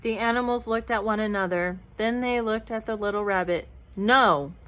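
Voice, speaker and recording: A woman's voice: fairly high pitch, fairly even intonation, brisk, poor audio. Woman reading a children's story aloud.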